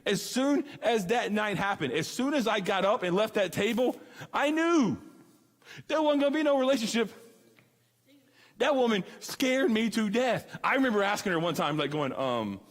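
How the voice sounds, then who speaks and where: Upbeat youth preacher, man, high voice, lively storyteller, big reverberant hall. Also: normal speed. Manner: animated storyteller, acts out dialogue. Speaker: student ministry speaker. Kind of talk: youth sermon with comic stories. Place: church hall.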